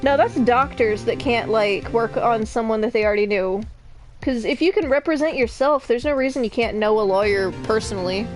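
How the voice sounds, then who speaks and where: A woman's voice: on the high side, brisk, music in the background. A young woman streamer chatting casually through a game playthrough with giggly asides.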